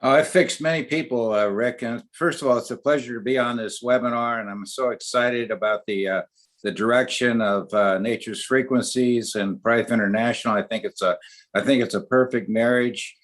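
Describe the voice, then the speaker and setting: A man's voice: medium pitch, fairly even intonation, normal speed. An older man, an oral surgeon guest on a webinar, telling a long anecdote in a chatty way. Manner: chatty anecdotal storyteller with many fillers and restarts. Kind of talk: storytelling in a webinar.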